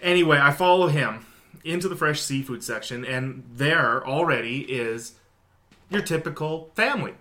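Male co-host, bright and slightly high, rambling and self-deprecating storyteller in casual chat. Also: lively intonation, moderate pace. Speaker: podcast co-host.

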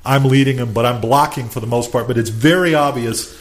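A man telling a story in casual chat, animated, acting out quotes and laughing often. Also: mid-range voice, fairly quick.

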